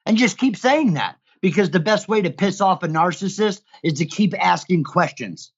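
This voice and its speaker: A man talks in a lively, slightly high voice, telling his own story and raising his voice as he acts out the events. He gets loud and animated, and the recording sounds dull and lo-fi. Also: normal speed, hardly any pauses. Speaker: guest, father who counsels other fathers. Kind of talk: casual conversation, recounting events.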